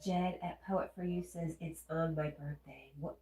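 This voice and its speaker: A low-pitched, slightly mellow woman speaks at a measured pace with hardly any pauses, in a reverberant space. Hosting a livestream with a Southern accent and a congested nose, she chats casually and reads out viewers' comments, answering each.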